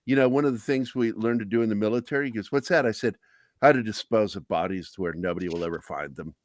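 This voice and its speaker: A middle-aged man on a casual talk show, telling stories with deadpan dark humor. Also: fairly low pitch, quick pace, no echo. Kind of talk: casual chat.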